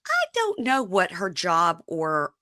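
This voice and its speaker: A woman's voice: on the low side, huge pitch swings, takes it slowly, pushed and bright. A middle-aged woman, hosting a podcast in a chatty, folksy way and reading ads. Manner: chatty, folksy, laughs easily. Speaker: podcast host. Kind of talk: casual chat and host-read ads.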